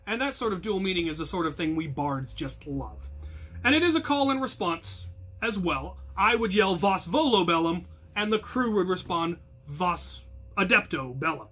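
A man with a high, breathy-edged voice captains a hobby combat crew and acts as its instructor. He gives an earnest talk explaining the crew's protocols, mostly explanatory but punctuated by bursts of loud call-outs.

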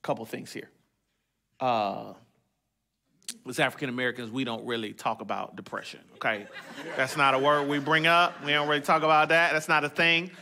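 A man's voice: mid-range voice, fairly even intonation, brisk, vocal fry, sharp tone. A man pastor preaching a sermon, praying aloud in short emphatic phrases and mixing in humor and repetition.

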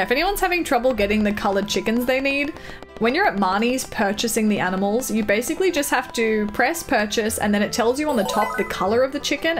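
A woman live-streaming a farming game, chatting casually, reading and answering her chat with frequent giggles. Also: mid-range voice.

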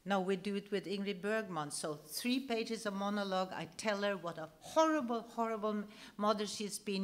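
A woman telling an anecdote on stage. She is animated and laughs her way through the story, often restarting her sentences. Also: medium pitch, a little fast, hardly any pauses.

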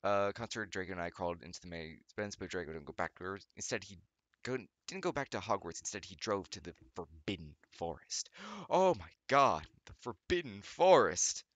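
A man's voice: deep voice, brisk, a bit bright, no echo. A man reading a text aloud for comedy, stumbling over words, groaning and cutting in with sarcastic remarks. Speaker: YouTuber reading fanfiction aloud. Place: home studio.

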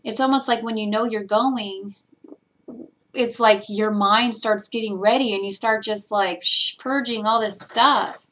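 A woman's voice: medium pitch, steady tone, a little slow, bright, forceful tone, slight background noise. A woman vlogger talking casually and earnestly about meditation, getting emotional as she rambles with fillers. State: teary. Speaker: spiritual vlogger. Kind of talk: casual personal talk.

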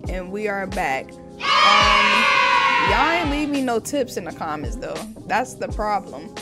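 Excitable woman yelling through a horror game. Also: medium pitch. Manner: excitable, yelps and shouts when startled, chatty to viewers. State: slightly losing her voice. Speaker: gaming channel host. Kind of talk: casual horror game commentary. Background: game music.

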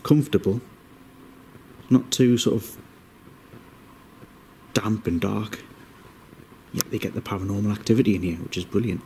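A man giving ghost-hunting vlog commentary, moving between hushed asides and raised calls to spirits in a cold indoor room. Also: fairly low pitch, normal speed, pauses often, slight background noise. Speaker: paranormal investigator.

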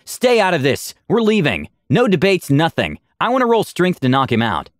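A man voicing a fierce, self-righteous woman adventurer who growls and shouts. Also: medium pitch, huge pitch swings, quick pace, dry recording, clean studio sound. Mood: angry.

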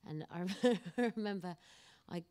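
A woman speaking as an actor guest at an onstage panel discussion, telling anecdotes in an animated way. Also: mid-range voice, slow, clean tone.

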